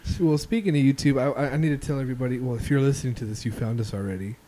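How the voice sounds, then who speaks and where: A man hosts a casual podcast, retelling stories in a loose, profane ramble. His voice sits in a middle pitch with a mellow, relaxed tone. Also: racing. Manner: loose, profane storytelling with filler ums. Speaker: podcast host. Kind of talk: casual chat.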